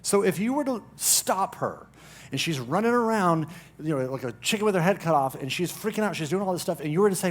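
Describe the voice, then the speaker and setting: A man with a Southern US accent, preaching a conversational sermon as pastor, animated and telling stories with lively emphasis. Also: sits high, brisk. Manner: animated storyteller, acts out quoted voices with rising emphasis.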